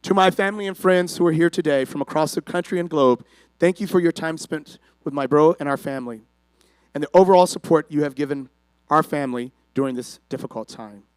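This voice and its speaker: Grieving brother, smooth higher voice, measured heartfelt read, dry sound. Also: male voice, no echo, low-quality recording. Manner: earnest, emotional, measured reading. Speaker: eulogy speaker, brother. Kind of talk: prepared memorial speech.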